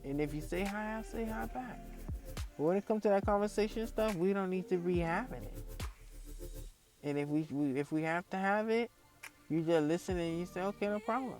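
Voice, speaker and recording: A man's voice: high voice, normal speed, darkish tone. A man in his early thirties ranting casually to camera, telling a heated story full of profanity and repetition, with faint music behind him. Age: early 30s. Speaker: vlogger.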